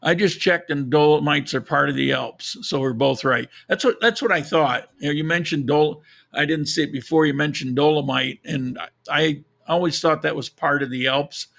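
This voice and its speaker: Hosting a live podcast at a desk mic, a man with a hoarse, froggy, gravelly voice, a bit higher than most men's, chats casually at a moderate pace in a fairly bright tone. He rambles, restarts sentences, corrects himself, and chuckles at his own jokes.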